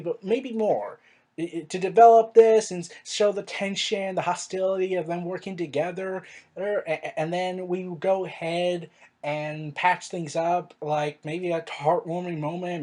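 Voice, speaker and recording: A reviewer in a casual monologue, rambling with fillers and restarts and firing off exasperated rhetorical questions, their pitch jumping up on emphasis. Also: darkish tone. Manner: pitch swings up sharply on emphasis. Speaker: show reviewer.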